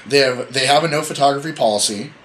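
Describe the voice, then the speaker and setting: Hombre charlando con soltura en un pódcast, sonido con ligero ruido de fondo. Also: male voice, mid-range voice, fast, fairly bright tone, slight background noise, poor audio. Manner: rambling, self-correcting, joking storyteller. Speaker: podcast host. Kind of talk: casual podcast chat.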